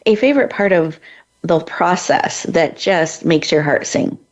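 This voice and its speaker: Female interview host, upbeat and effusive, lower voice, dull call audio. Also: animated, a little slow. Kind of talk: interview hosting. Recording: muffled, lo-fi sound.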